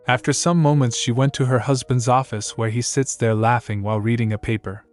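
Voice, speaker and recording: A man narrating a story recap in a plain, steady reading. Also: mid-range voice, fairly quick, hardly any pauses. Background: faint music.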